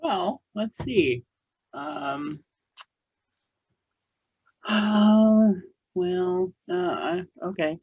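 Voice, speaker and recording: A man speaking slowly and deliberately in casual podcast chat. His voice comes through dry and a little dull, with no room sound. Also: high voice, expressive, a little mellow, slightly rough, dry recording. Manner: slow and deliberate, short reactions. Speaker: podcast co-host.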